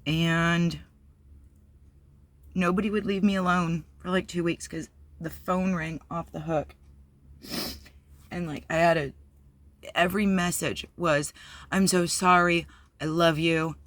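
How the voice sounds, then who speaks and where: A woman's voice: on the low side, fairly even intonation, a little slow, pauses often, no room sound. A woman candidly telling a personal story on her vlog, blunt and profane, with many fillers. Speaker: vlogger.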